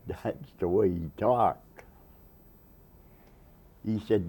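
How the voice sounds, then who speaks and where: An older man, a Navy veteran, telling an oral history story with animated quoted voices. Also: low-pitched, slow pace, pauses often.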